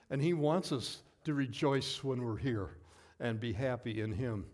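A pastor delivers a sermon in a relaxed, folksy storytelling style, full of asides and self-corrections. He has a mid-range voice and a measured pace.

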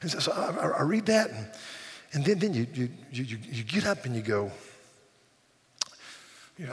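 A man's voice: medium pitch, sing-song, moderate pace, pauses often. Older male pastor preaching in a reverberant hall. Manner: earnest, repeats words when building emphasis. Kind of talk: sermon.

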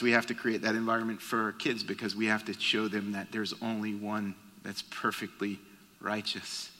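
A middle-aged man preaching a sermon, telling a family story and dropping soft and low at its tender moments. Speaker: pastor. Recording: long hall reverb.

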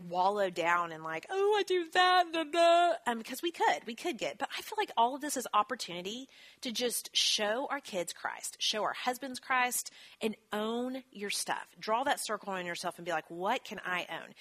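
A woman, teaching a church marriage class in a chatty, self-deprecating way with quick asides. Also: mid-range voice, pushed and bright. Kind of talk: teaching talk with scripture.

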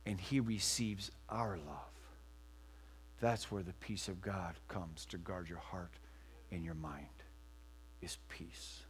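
A man preaching a sermon as pastor in a church, rising to loud emphatic lines and dropping to a hushed near-whisper. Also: sits low, husky.

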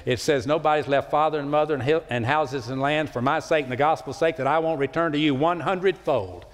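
Man, pastor preaching a sermon, big swings in pitch and loudness, long church-hall reverb. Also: a little fast. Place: large church sanctuary.

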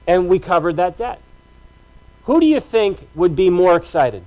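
High-voiced man preaching a sermon. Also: very animated, normal speed, darkish tone, low-quality recording. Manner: conversational, emphatic preaching with repeated phrases. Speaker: pastor.

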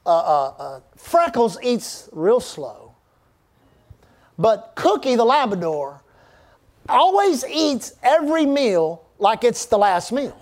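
A man's voice: very high voice, sing-song, slow. A man preaching a sermon as pastor, fervent and rousing, asking the congregation to respond.

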